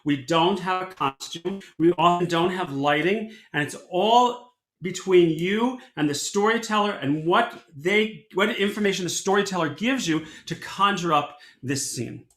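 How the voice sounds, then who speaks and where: A man teaching a storytelling workshop as a cantor, animated and conversational, often restarting his sentences. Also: sits high, a little slow. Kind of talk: workshop lesson. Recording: echoey room.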